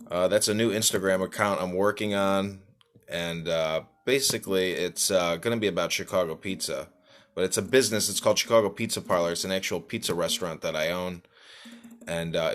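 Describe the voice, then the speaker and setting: Rambling low-voiced man hosting a stream. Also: fairly bright tone. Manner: rambling, joking, many fillers. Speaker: live-stream host. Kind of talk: casual live-stream chat.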